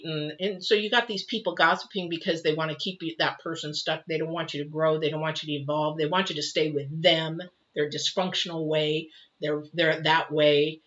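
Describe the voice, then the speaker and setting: Bright-voiced woman rambling through a tarot reading. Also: deep voice, fairly even intonation, normal speed, highs cut off. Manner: rambling, conversational, acts out quoted people. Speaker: tarot reader. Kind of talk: live weekly tarot reading chat.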